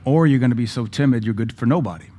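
A man's voice: medium pitch, fast, mellow, breathy edge. A male pastor, preaching a sermon in a conversational, folksy way with asides to the congregation. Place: church.

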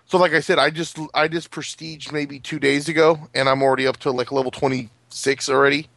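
A man's voice: a little high, level tone, brisk, vocal fry, fairly bright tone, dry recording. Rambling man in casual gaming chat. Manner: rambling, many fillers and restarts.

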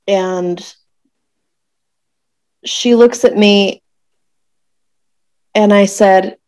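A woman in her thirties telling a personal story in conversation, emotional and searching, with many pauses and fillers. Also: medium pitch, fairly even intonation, darkish tone, no echo. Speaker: guest telling a birth story.

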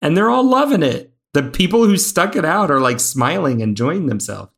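A man's voice: on the high side, moderate pace, creaky. Chatty man reviewing a film. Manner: animated, lots of fillers and restarts. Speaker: podcast co-host. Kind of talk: casual film review chat.

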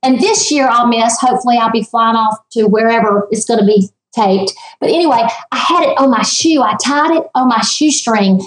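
A woman, telling stories with animated emphasis as an interview guest. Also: on the high side, moderate pace, hardly any pauses, echoey room, low-quality recording. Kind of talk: casual interview chat.

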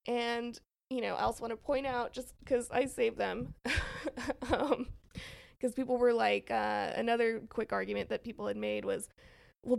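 A woman's voice: on the high side, gravelly, darkish tone. A woman co-hosting a casual political chat podcast, rambling with many fillers and frequent laughs. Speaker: podcast co-host.

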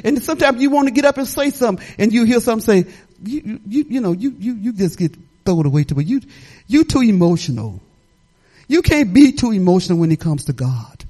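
Animated woman pastor preaching folksy. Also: on the high side. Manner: lively, folksy preaching with laughter and talk-back. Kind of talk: sermon.

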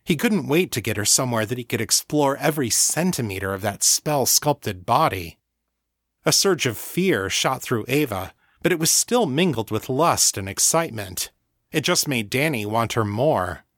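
Male narrator for a novel, unhurried and even, dry studio sound. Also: medium pitch, dry recording. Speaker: audiobook narrator. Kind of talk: scripted narration.

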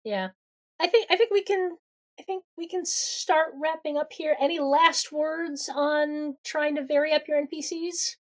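A woman hosting a gaming podcast, steering the talk and reading promos briskly. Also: high-pitched. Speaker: podcast host. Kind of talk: casual chat and read promos.

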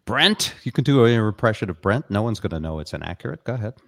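An older man hosting a live chat show in a low, deep voice that swings up and down a lot as he talks. He rambles and jokes at his own expense. The sound is dry and close. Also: very animated, fast, vocal fry, a bit bright, no room sound. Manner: rambling, jokey, self-deprecating. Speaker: show host. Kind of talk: casual live-stream chat.

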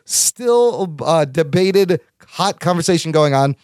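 A man hosting a podcast in casual chat, excitable and quick to laugh as he reads listener mail. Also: fairly high pitch, dry recording, clean studio sound. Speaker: podcast host.

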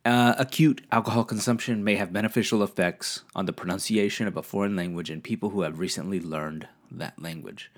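Deep-voiced man rambling casually with profanity. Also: a little fast, hardly any pauses. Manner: rambling, profane, laid-back. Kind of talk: casual monologue.

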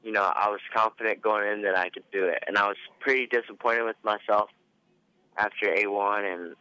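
Hesitant man with a bright, clear voice. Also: lowish voice, steady tone, fairly quick, no echo. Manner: hesitant, full of ums and likes. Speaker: guest motocross racer. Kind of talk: casual radio interview. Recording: dull dry radio recording.

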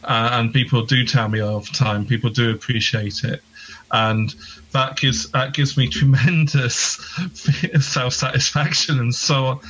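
A man's voice: mid-range voice, fairly even intonation, measured pace, fairly bright tone, breathy edge, dull audio. A man, a podcast guest chatting casually with dry, self-deprecating humour. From England. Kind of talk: casual interview chat.

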